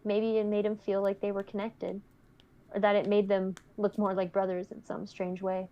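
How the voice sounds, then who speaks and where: A young woman reading a fan story aloud on a stream, steady in narration and playful in chat. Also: mid-range voice, normal speed, dull audio. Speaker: guest co-reader.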